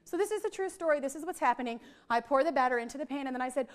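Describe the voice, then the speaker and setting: A middle-aged woman, leading a lively, chatty teacher training workshop for a group in a training room. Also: high voice, rapid-fire, hardly any pauses. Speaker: literacy trainer.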